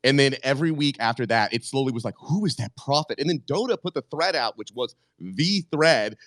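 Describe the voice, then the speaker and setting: An excitable, loudmouthed man racing through a story on a podcast, words tumbling out quickly and profanity thrown in. His voice sits close and dry, with no room echo. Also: mid-range voice. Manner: excitable, loud, swears freely. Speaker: podcast guest host.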